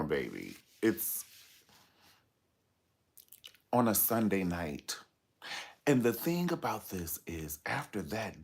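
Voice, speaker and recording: A man's voice: low voice, breathy edge. A man giving sassy, dramatic commentary on reality TV gossip, telling the story with playful asides.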